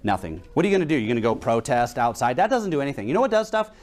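Lively conversational male preacher. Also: mid-range voice, rapid-fire. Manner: conversational preaching with anecdotes and rhetorical questions. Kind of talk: sermon.

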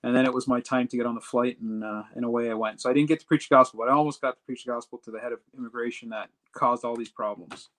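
A man's voice: mid-range voice, fairly even intonation, very fast, hardly any pauses, fairly bright tone. A man, a pastor, telling a long story as an interview guest, rambling with many fillers and restarts. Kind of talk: casual storytelling.

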